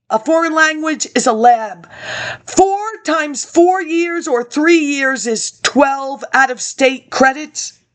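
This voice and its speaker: A woman giving a rambling spoken commentary, drifting into digressive asides and talking back to people who aren't there. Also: high-pitched. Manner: digressive, talks to absent people, frequent laughs and asides; reads from old documents between tangents. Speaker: webinar presenter.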